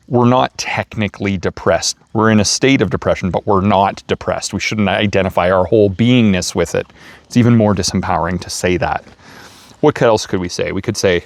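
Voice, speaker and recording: Gravelly low-voiced man giving motivational talk. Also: normal speed, no room sound. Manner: gentle, chuckling, playful word emphasis. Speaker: self-help speaker. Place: outdoors feeding raccoons.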